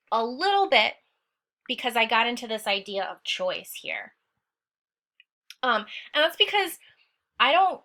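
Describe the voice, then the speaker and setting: A woman's voice: fairly high pitch, pushed and bright. A woman teacher talking through an essay she wrote, explaining quotes and analysis and often checking in with "okay?". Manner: instructive, frequent "okay?" check-ins; stern about lazy writing. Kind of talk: essay walkthrough lesson.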